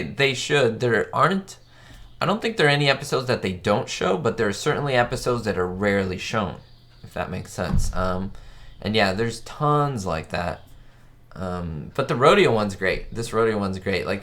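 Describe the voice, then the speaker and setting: A man's voice: lowish voice, expressive, moderate pace, a bit bright. A man hosting a live stream, chatting enthusiastically in a casual way and reading out viewer questions.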